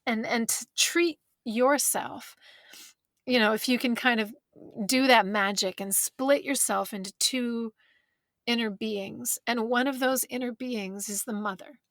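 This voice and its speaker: A woman's voice: a little high, measured pace, a bit bright, no echo. Candid woman musing in a dry closet. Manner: thoughtful, candid, searching for words. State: close to tears. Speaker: author and guest. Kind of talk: reflective conversation. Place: bedroom closet.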